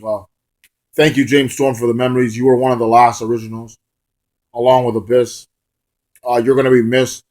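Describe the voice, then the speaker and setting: A man's voice: medium pitch, darkish tone. Rambling casual male wrestling reviewer. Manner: loose and rambling, full of fillers. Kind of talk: casual spoken recap.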